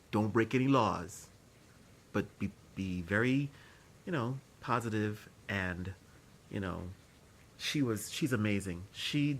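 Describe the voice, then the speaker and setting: A man's voice: on the low side, fairly bright tone. A man vlogging at home, chatting casually about a series in a rambling, emotional way, with many fillers and restarts. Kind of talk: casual chat. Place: indoors at home during a thunderstorm.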